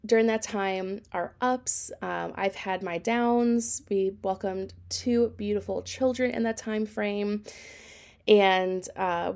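A woman in her thirties hosts a podcast and tells her own story candidly and reflectively. Her voice has a gravelly fry, and her pitch sits in an ordinary middle range for a woman. She talks in loose, reflective phrases with frequent fillers. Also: a little mellow. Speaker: podcast host.

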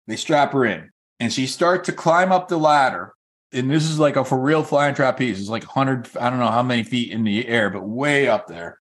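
A man giving a motivational talk as a real estate coach, telling a personal story in a conversational, encouraging way with many casual fillers. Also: medium pitch. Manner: earnest and encouraging.

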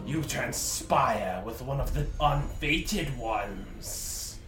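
A man voicing a cold, menacing male cult leader who speaks slowly and gravely. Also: medium pitch, lively intonation, fairly bright tone. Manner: slow, grave, deliberate. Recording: roomy, from a distance, music behind.

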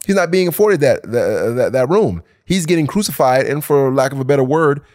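An animated man holds forth on a casual podcast, pressing his points with emphasis and the odd swear word. His voice sits at an ordinary middle pitch for a man. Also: brisk. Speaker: podcast co-host.

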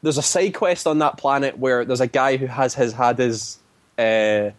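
A man chatting casually, retelling a story at length and often slipping into quick acted-out quotes. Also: medium pitch, no echo. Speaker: guest describing a video game. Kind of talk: casual chat.

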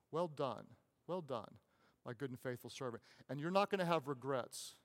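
Impassioned pastor preaching in a reverberant hall. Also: male voice, a little high. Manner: impassioned, repeats phrases, drops to soft pauses. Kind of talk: sermon.

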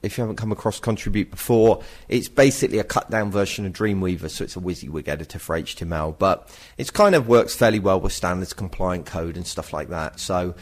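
A man's voice: low-pitched, fairly quick, few pauses. A middle-aged man co-hosting a casual podcast, chatty and self-mocking, with teasing mock rants. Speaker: podcast co-host.

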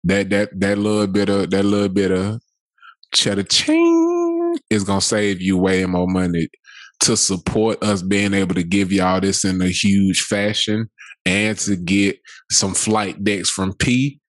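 A man's voice: low voice, expressive, unhurried, no room sound. A man co-hosting a casual podcast, joking and emphatic in profane banter, plugging the show's supporters page. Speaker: podcast co-host. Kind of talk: casual podcast chat and sponsor plug.

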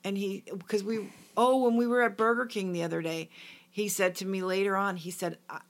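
Female co-host, casual, gravelly, teasing storyteller. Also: medium pitch, steady tone, brisk. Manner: teasing, chatty, tells anecdotes. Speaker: podcast co-host. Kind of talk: casual chat.

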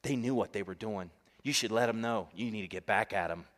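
A man's voice: fairly low pitch, fairly quick, a bit bright, long reverb tail, lightly acted. A male preacher voicing a sly male demon who goads a believer toward revenge, in a sermon. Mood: goading.

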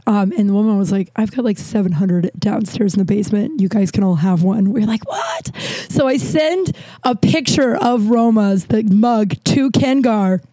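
A woman's voice: mid-range voice, normal speed, dark tone, dry recording. A woman hosting a podcast, telling a rambling story in a casual chat with lots of restarts and fillers. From Los Angeles. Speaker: podcast host.

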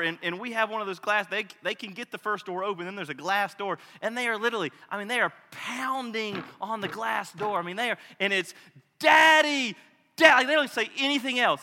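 A man in his thirties preaching a sermon as a pastor, swinging from loud cries to hushed, soft tones. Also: sits high, in a large hall.

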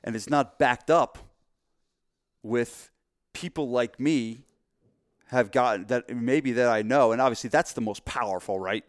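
A man co-hosting a casual podcast about gym marketing, telling an animated story and acting out voices. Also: mid-range voice, normal speed, no echo, clean studio sound.

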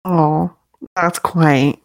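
A woman's voice: deep voice, steady tone, very slow, no echo, clean studio sound. A woman playing a tabletop game, talking in a hesitant, polite way with many restarts. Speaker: player. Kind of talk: casual tabletop play.

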